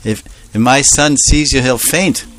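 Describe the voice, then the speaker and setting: A man's voice: medium pitch, unhurried, a bit bright, slight background noise, close to an everyday voice. A man voicing an anxious, protective young mother in a comic, exasperated way during a sermon story. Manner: exasperated, pleading, lightly comic.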